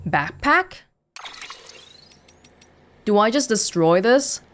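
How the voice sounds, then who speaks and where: A woman's voice: medium pitch, animated, extremely slow, fairly bright tone, a little hiss or hum. Woman hosting a let's play, casual, talks through choices. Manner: chatty, thinking aloud. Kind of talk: casual gameplay commentary.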